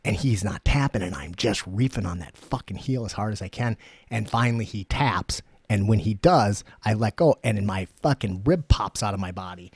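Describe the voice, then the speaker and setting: A man's voice: fairly low pitch, animated, normal speed, slightly rough, dry recording. A man co-hosting a podcast in a studio, telling a long rambling story with heavy swearing and lots of fillers. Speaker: podcast co-host. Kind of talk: casual chat.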